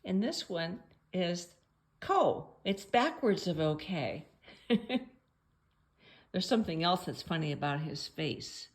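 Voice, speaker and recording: A woman reading a picture book aloud at home for children, playful and chatty, pausing to ask the listener questions. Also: lowish voice, sing-song.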